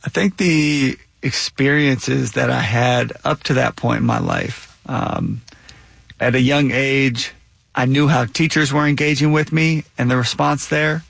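A man answering interview questions in a reflective, measured way as a guest author. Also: medium pitch, vocal fry, fairly bright tone, no room sound.

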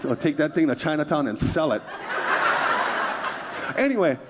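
A middle-aged pastor preaching a sermon, telling stories in an animated way with many quick asides and restarts. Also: male voice, fairly high pitch, very noisy. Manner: animated storytelling, self-interrupting asides.

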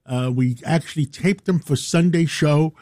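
A man co-hosts a talk show in rambling, friendly chat full of fillers. His voice sits notably high for a man. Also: normal speed, warm tone. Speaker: show co-host.

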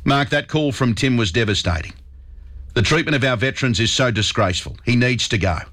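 A man's voice: medium pitch, lively intonation, fairly quick, fairly bright tone. Indignant Australian radio host man. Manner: indignant, emphatic. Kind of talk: talkback radio commentary.

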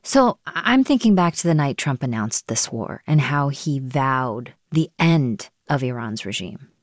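Low-voiced female news host. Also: big pitch swings, a little slow, dry recording, studio quality. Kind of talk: news interview.

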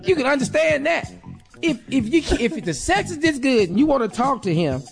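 High-pitched sassy woman on radio. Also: lively intonation, moderate pace, gravelly, soft background music. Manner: sassy, teasing, acts out quotes. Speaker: radio show co-host. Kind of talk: comedic advice chat.

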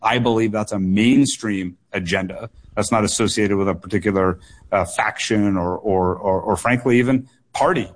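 A man's voice: fairly low pitch, moderate pace. A man running for office, answering radio call-in questions earnestly and often repeating words for emphasis. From United States. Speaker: political candidate, guest.

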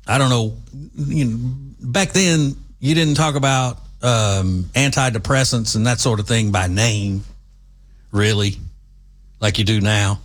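A middle-aged man with a drawl hosts a loose commentary monologue. He rambles from point to point with folksy asides, in an ordinary mid-pitched voice. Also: unhurried. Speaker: commentary show host. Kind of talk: casual political commentary monologue.

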